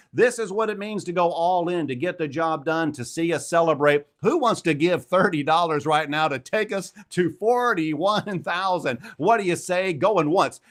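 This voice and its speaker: Upbeat male auctioneer-style host, pushing a donation drive, lightly raised pitch. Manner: energetic, rallying, calls out donor names. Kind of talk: live fundraising appeal. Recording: virtual gala stream.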